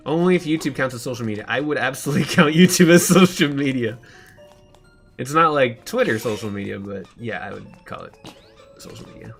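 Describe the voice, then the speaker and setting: A man's voice: medium pitch, lively intonation, normal speed, vocal fry, long pauses, soft background music. A young man streaming a game, rambling in casual chat and laughing often.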